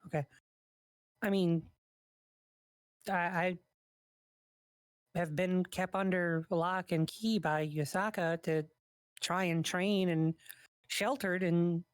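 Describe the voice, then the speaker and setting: A woman talks in character in a live role-play, reassuring and easygoing, now and then narrating what her character is doing. Her voice sits a little low, and it is recorded close and dry with no room sound. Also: steady tone, slow pace, long pauses, clear, resonant tone, no echo.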